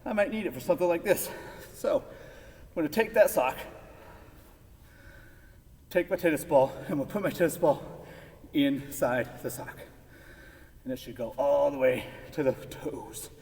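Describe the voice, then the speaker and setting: A man's voice: a little high, a little slow, creaky, pauses often, a little mellow. A man teaching PE, leading a home workout. He talks upbeat and encouraging and counts reps aloud. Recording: echoey room from far off, faint noise.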